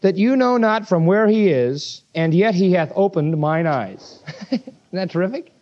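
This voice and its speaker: A male preacher with a high, lively voice that leaps up and down as he drives his points home. He preaches with emphasis and fires rhetorical questions at his listeners. The recording sounds dull and lo-fi. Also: unhurried. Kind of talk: sermon.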